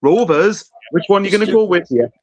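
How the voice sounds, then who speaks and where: Male co-host, quick, animated, teasing banter. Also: sits high. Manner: quick and lively, playful teasing. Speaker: podcast co-host. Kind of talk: casual football podcast chat.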